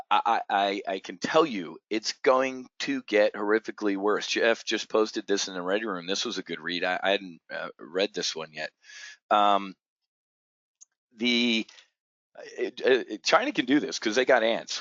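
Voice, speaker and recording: A man's voice: fairly low pitch, measured pace, a bit bright, no room sound. A man hosting an options trading show, giving an unscripted, blunt and profane market rant full of stammered restarts. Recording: dull, dry lo-fi audio.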